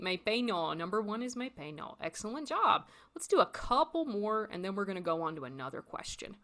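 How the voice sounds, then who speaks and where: A woman teaching a recorded Spanish lesson, encouraging learners and repeating phrases slowly. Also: mid-range voice, very animated, sharp tone.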